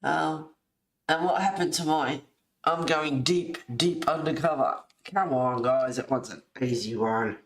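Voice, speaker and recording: A woman's voice: low-pitched, a little slow, distant mic. A woman hosting a colouring livestream, chatting casually and answering viewers in the live chat. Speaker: livestream host of a colouring club. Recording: roomy echo.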